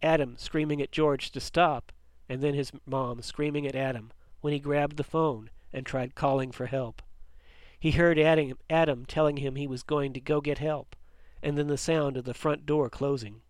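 A man reading a story aloud in a steady, measured way. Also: fairly high pitch, no echo. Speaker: narrator.

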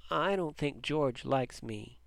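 A man reading the lines of a small, frightened young boy, speaking softly and hesitantly in a storybook reading. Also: medium pitch, expressive, slow, creaky, dry recording. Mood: timid. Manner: soft and hesitant.

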